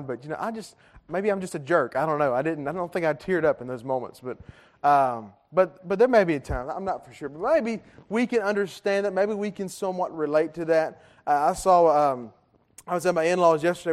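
Guy preaching, kinda high voice, jokey and chatty with the crowd. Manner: chatty, joking with the congregation, many fillers. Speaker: pastor. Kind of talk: conversational sermon. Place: church sanctuary.

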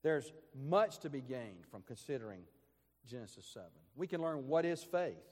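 A man's voice: mid-range voice, sing-song, normal speed. A male pastor delivering an earnest, emphatic sermon during a morning service. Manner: earnest, emphatic preaching with repetitions. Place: church sanctuary. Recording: long reverb of a church hall.

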